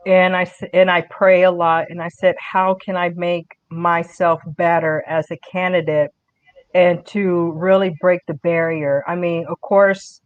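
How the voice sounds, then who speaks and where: A woman's voice: lowish voice, little pitch movement, unhurried, clean tone, no room sound. Earnest woman guest, dry muffled sound. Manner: earnest, repeats words when restarting. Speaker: podcast guest, political candidate. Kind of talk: casual political conversation.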